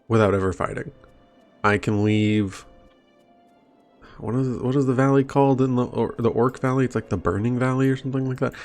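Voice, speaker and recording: A man streaming a game, rambling and wondering aloud as he plays. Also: fairly low pitch. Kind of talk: casual gameplay commentary. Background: faint game music.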